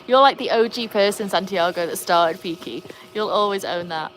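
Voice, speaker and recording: A woman with an English accent hosting a casual live stream outdoors in the shade, chatting to viewers and jumping to high, excited tones when she calls to her dogs. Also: normal speed, hardly any pauses, low-quality recording.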